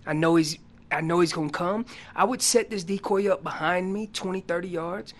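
A man guest on a radio talk show, explaining elk calling in an animated storytelling way that gets loud on key points. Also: high voice, a little fast. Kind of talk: casual radio interview.

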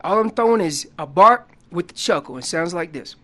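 A man talks loosely and energetically as a radio guest teaching listeners about calling. He bounces between plain explanation and quick acted-out lines, with his pitch jumping around as he goes. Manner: animated, explanatory, acts out what the animals say; loose casual grammar. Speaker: elk calling champion guest. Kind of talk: instructional radio interview.

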